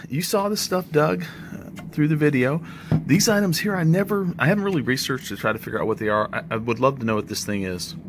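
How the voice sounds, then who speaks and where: A man's voice: medium pitch, slight background noise. A middle-aged man, chatting easily and rambling a bit as he talks through his metal detecting finds in a casual vlog.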